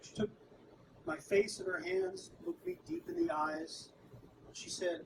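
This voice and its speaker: A middle-aged man works through a stand-up routine with a high, bouncing voice that swings widely in pitch. He sets up stories plainly and lands deadpan punchlines. He sits far back from the mic, with steady noise all around. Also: measured pace, creaky. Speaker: stand-up comedian. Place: live comedy stage. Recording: distant mic with room noise.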